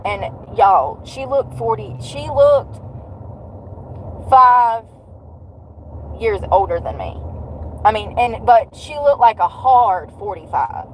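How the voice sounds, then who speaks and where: A woman's voice: a little high, expressive, slow pace, a little hiss or hum, rough recording. A woman around forty, venting in a blunt, sarcastic, profane vlog rant while out walking. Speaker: vlogger.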